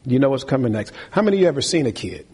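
A man's voice: medium pitch, big pitch swings, very fast, darkish tone, breathy edge, long reverb tail. A male pastor delivering an earnest sermon full of repeated rhetorical questions, in a church.

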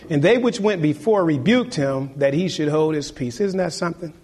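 A man's voice: fairly high pitch, animated, moderate pace, a little mellow. A man preaching a sermon, exhorting his listeners and hammering home key phrases through repetition.

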